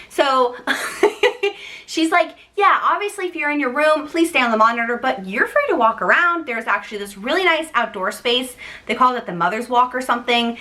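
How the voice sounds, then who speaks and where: Young woman, casual to-camera storyteller, bright and a touch high, lively delivery. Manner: chatty, animated, acts out quoted voices. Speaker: vlogger.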